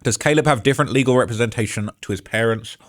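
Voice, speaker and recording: A man's voice: mid-range voice, fast. A man hosting a true-crime commentary show, ranting with heated sarcasm and reading out online comments. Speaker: host.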